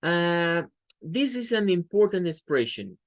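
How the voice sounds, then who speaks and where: A woman whose first language is Spanish, teaching an English class with a Spanish accent and repeating phrases slowly for pronunciation drills. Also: on the low side, very animated, no echo.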